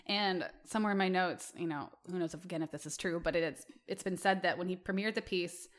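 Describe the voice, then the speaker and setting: A woman on a podcast who talks quickly in a slightly low voice. She shares music trivia with enthusiasm. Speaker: podcast co-host. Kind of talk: casual chat.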